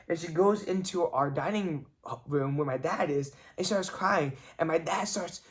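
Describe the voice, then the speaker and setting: A young man talks straight to his camera in a casual vlog, earnest and reflective. His voice sits a little high for a man, and his speech is full of "like" and restarts. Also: moderate pace. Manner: chatty, many "like" fillers, earnest and reflective. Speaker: vlogger.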